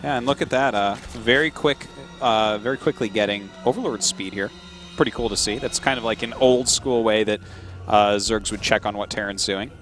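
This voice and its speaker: Lowish guy casting, dry jokes, some music faint behind. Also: a bit bright. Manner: dry, wry jokes and quick analysis. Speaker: esports commentator. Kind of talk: live game commentary with banter.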